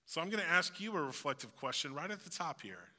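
Bright-voiced pastor in a reverberant hall. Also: male voice, a little high, fast. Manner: relaxed, reflective, acts out everyday phrases. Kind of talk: conversational sermon.

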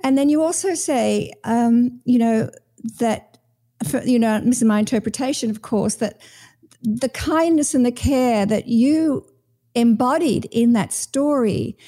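A woman host with a fairly high, soft, mellow voice reflects back on a guest's ideas. She speaks in a thoughtful, measured way, rephrasing points as she works through them. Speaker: podcast host. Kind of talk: reflective interview talk.

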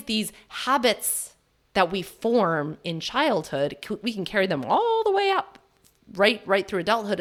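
Chatty woman in her thirties, low voice. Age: 30s. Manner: chatty and candid, laughs often, asks rhetorical questions. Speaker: podcast host. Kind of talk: casual solo podcast talk.

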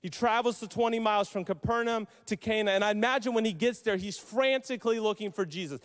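High-voiced preacher in a reverberant hall. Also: male voice. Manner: storytelling, emphatic, pausing. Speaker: pastor. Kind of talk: sermon.

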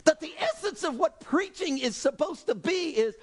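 A man preaching a sermon as pastor, animated and exclaiming, swinging between loud outbursts and soft asides. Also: very high voice, moderate pace.

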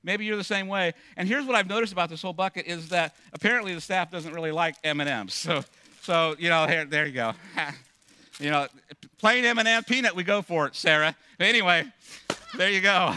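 A man preaching as a pastor, telling stories in an animated, self-mocking way with many restarts. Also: fairly high pitch, moderate pace, clear, resonant tone. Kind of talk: sermon.

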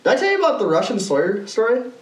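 A man's voice: high-pitched, wildly swooping pitch, fast talker, echoey room, far from the mic, rough recording. A man co-hosting a podcast, telling rambling, profane stories in casual chat and laughing often. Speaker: podcast co-host.

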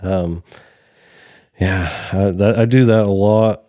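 A man's voice: on the low side, steady tone, slow pace, dark tone, no room sound, clean studio sound. A man co-hosting a casual podcast chat, laid-back and swearing freely. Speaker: podcast co-host.

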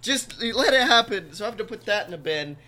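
A man co-hosting a casual comedy podcast, sick, telling stories quickly with playful bits. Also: sits high, lively intonation. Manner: loud playful announcer bits, quick storytelling. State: sick, congested. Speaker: podcast co-host.

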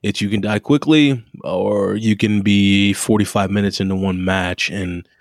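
An eager man with a fairly low voice chats about games, leaning hard on the words that excite him. He restarts his sentences often, and the recording is dry and close. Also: no echo. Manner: enthusiastic, drawn-out emphasis, many restarts. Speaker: podcast co-host. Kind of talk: casual chat about video games.

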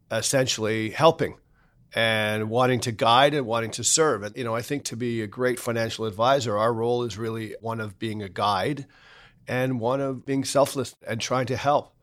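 A man hosting an investing podcast, affirming his guest and asking about his past. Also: medium pitch. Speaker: podcast host. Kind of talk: interview.

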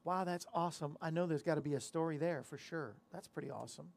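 A man's voice: on the high side, fast, gravelly. A man hosting a casual talk show, rambling and self-deprecating as he chats and tells corny jokes. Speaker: show host.

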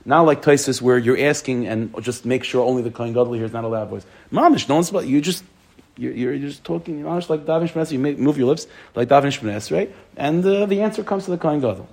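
A rabbi teaching a text class, reading each phrase aloud and then explaining it. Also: male voice, mid-range voice, quick pace, gravelly, a little hiss or hum. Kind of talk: text study lesson.

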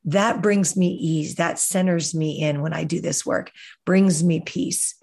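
A woman hosting a reflective podcast, talking in a calm, earnest way and gently coaching listeners. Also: on the low side, unhurried, creaky, husky. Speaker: podcast host. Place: outdoors, hears birds and breeze.

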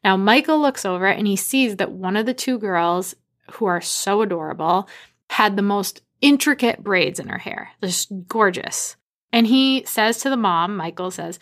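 A woman in her thirties, from the Boston area, telling a personal story in a lively, animated way. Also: mid-range voice, normal speed. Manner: animated, acts out quoted dialogue.

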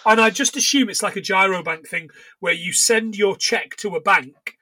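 A man's voice: high voice, moderate pace, sharp tone, no echo. A man co-hosting a podcast in casual chat, rambling and swearing as he recounts what he has watched. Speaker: podcast co-host.

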